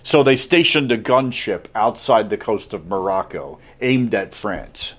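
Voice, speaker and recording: A man's voice: lowish voice, expressive, measured pace, few pauses. A male history teacher giving a casual classroom lecture, chatty and jokey, with lots of "like" and acted-out asides.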